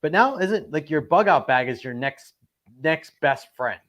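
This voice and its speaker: A man hosting a casual podcast, talking in a loose, halting way and checking for agreement. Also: fairly high pitch, animated, a bit bright. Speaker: podcast host. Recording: dull lo-fi sound.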